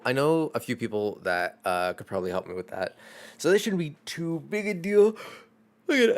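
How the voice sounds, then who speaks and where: A young man, a streamer, chatting casually in a rambling, self-deprecating way, swearing freely. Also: medium pitch. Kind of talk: casual chat.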